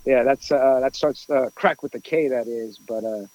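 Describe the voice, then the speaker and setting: A man telling a long story in casual chat, rambling with many fillers and lively quoted voices. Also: mid-range voice, normal speed, no room sound, highs cut off.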